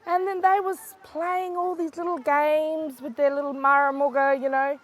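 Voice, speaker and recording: Lively older woman telling a story. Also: high voice, normal speed. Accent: Aboriginal Australian English, South Australia. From South Australia. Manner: lively, swings between hushed and excited calls. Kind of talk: oral storytelling for children.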